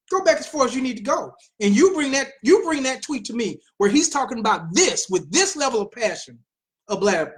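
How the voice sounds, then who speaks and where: An American man hosting an opinion show, talking in an animated, sarcastic way full of exclamations. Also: very high-pitched. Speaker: host.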